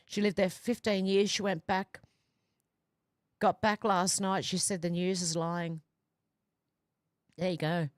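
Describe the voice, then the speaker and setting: Low-voiced woman chatting on a livestream. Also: flat delivery, measured pace, pauses often, no echo, studio quality. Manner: chatty, reads comments aloud with asides and fillers. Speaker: livestream host. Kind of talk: casual livestream chat reading viewer comments.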